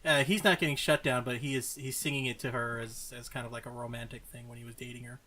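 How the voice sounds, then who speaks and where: A man's voice: medium pitch, little pitch movement, fast, bright, forceful tone. A man co-hosting a casual podcast chat, rambling through nerdy asides and often correcting himself mid-sentence. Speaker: podcast co-host.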